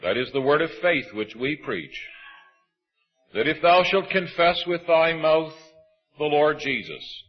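A man preaching a sermon, reading scripture aloud and stressing key words slowly. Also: a little high, dull audio. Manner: measured, emphatic preaching with slow stresses.

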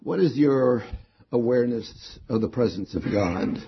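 Husky fairly high-voiced preacher guy, hammering the same words over and over, dull old-sounding recording. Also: expressive, a little slow. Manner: emphatic, repeats key words with rising stress. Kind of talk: sermon.

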